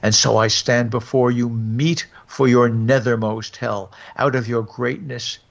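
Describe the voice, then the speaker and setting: Casting: a man playing a defiant tyrant turned frantic pleader, heavy fry, dull lo-fi sound. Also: medium pitch, steady tone, a little slow. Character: proud tyrannous wicked man, turning shamefaced. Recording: dull lo-fi recording.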